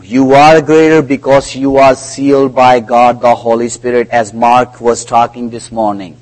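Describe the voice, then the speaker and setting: A man preaching a sermon in a slow, deliberate way, with non-native grammar, who retells conversations in a lowered voice. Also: flat delivery, a little mellow, rough recording.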